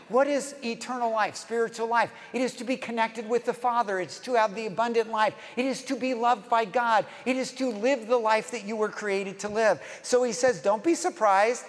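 A man's voice: sits high, in a large hall. A man preaching a conversational sermon, asking the listeners questions and acting out the lines of the people in his story. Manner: conversational, acts out quoted lines, rhetorical questions. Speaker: pastor.

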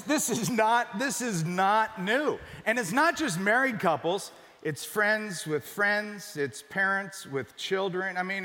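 A high, bright-voiced man preaches to a large church, emphatic and dropping to a near-whisper for the points that matter most. His voice carries a long reverberant hall tail. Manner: emphatic, drops to a hush for key points. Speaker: pastor. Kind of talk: sermon.

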